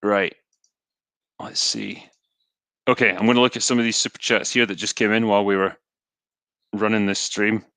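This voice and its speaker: A man's voice: fairly low pitch, normal speed, pauses often, clean tone, no echo. Scottish man chatting on livestream. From Scotland. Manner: relaxed, chatty, frequent ums and asides. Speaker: livestream host reading donations. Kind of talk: casual live stream chat.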